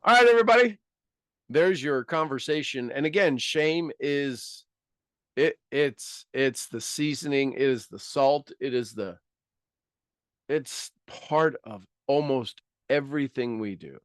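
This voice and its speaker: A man speaks as a motivational coach, lively and quick to laugh, acting out the voices he quotes. His voice sits at a middle pitch. The sound is dry and close, with no room echo. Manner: animated, acts out quoted inner voices, laughs often. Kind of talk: motivational talk.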